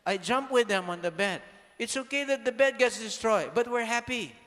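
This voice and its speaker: A very high-pitched man addresses an audience with an animated motivational talk at a moderate pace, firing off rhetorical questions and now and then raising his voice to a shout. The recording carries a long hall reverb.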